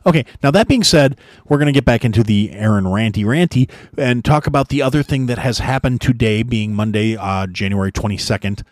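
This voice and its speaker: An American man with a medium-pitched voice hosts a podcast, ranting bluntly about politics a little fast, swearing heavily and restarting often. The audio is studio quality with no room sound.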